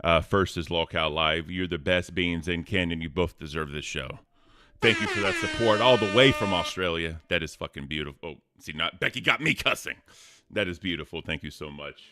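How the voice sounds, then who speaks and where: A man co-hosting a casual live stream, reading out tips and messages in an animated, cussing way. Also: low voice, a little fast. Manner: animated, cusses, calls out names and tips. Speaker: co-host reading donations.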